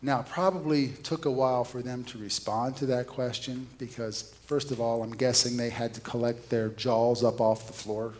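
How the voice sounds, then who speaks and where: A man's voice: medium pitch, fairly even intonation, normal speed, few pauses, darkish tone, a little hiss or hum. Male preacher, conversational sermon, storyteller who questions his listeners.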